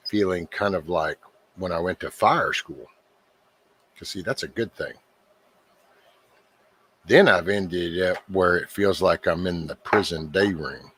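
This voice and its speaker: Man, middle-aged, livestream host, rambling casual chat, swears a lot, deep voice, husky. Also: fairly bright tone. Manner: rambling, profane, halting restarts.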